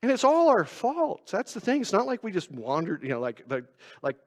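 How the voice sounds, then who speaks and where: A man's voice: high voice, wildly swooping pitch, fairly quick. A man preaching a sermon in a conversational, self-mocking way, asking his congregation rhetorical questions. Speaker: pastor. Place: church sanctuary. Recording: long church reverb.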